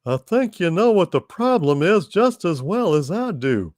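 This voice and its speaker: A man's voice: high-pitched, very animated, measured pace, darkish tone, dry recording, studio quality. A man voicing a folksy, middle-aged salesman who is also a ship computer, scolding in a proud, down-home way.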